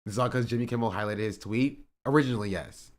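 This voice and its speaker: A man's voice: mid-range voice, quick pace. A male streamer in casual chat, reacting to online drama in a rambling, exasperated way with many filler words.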